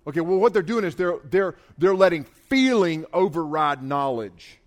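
A man's voice: on the high side, animated. Southern man preaching a chatty sermon. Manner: informal and talky, full of "like" and restarts; stresses key phrases slowly and loudly. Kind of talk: conversational sermon.

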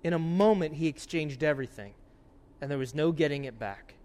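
A man preaches with a voice pitched a little above most men's. He speaks earnestly, pressing his points loudly and then dropping to hushed warnings. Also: brisk. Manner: earnest, swings from loud urgency to hushed warnings. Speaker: pastor. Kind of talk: sermon.

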